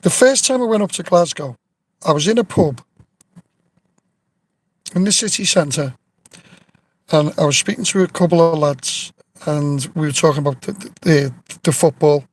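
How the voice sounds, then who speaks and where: A man telling stories in a relaxed live stream, swearing freely and restarting his sentences, recorded on a phone outdoors. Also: fairly high pitch, moderate pace, long pauses, poor audio. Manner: rambling storyteller, swears freely, many restarts. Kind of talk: casual live-stream chat. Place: outdoors near an old tree.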